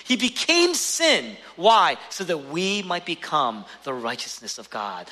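A man preaching a sermon with emphatic delivery, swinging between raised, urgent passages and hushed, low ones, and often asking the listeners rhetorical questions. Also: very animated, measured pace, few pauses. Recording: long reverb of a large hall.

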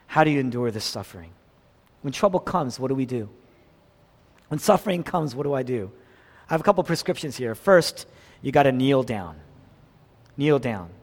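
A man preaching a sermon, acting out quoted voices with big swings between loud and soft. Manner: dynamic preaching, acts out quotes with big swings in pitch and volume. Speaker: pastor. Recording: long reverb of a large hall.

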